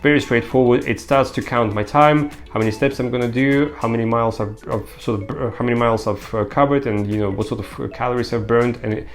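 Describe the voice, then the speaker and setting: A man's voice: mid-range voice, fairly even intonation, quick pace, hardly any pauses, soft background music. Man casually demoing a gadget. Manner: explains step by step, many fillers like uh and um. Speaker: tech reviewer. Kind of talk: casual product demo.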